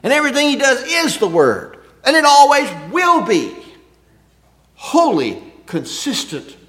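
A man preaching a sermon in a conversational way, asking rhetorical questions and swinging between loud emphasis and quiet asides. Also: very high voice, huge pitch swings, unhurried.

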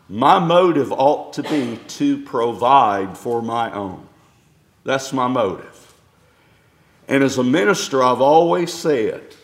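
A man's voice: on the high side, a bit bright. A middle-aged male pastor preaching a sermon, reading scripture aloud and building to emphatic points.

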